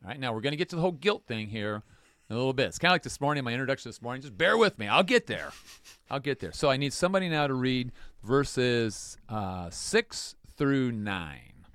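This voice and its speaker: Lively man leading a Bible study. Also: medium pitch, a little fast, dry recording, studio quality. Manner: animated storyteller, jokes with the group. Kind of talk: casual Bible teaching.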